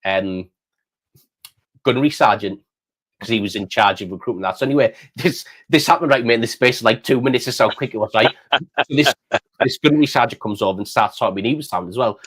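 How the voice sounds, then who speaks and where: A man's voice: mid-range voice, quick pace, fairly bright tone, slightly rough. A middle-aged man from the United Kingdom, hosting a casual chat and saying mate often. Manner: chatty, says mate often. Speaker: host.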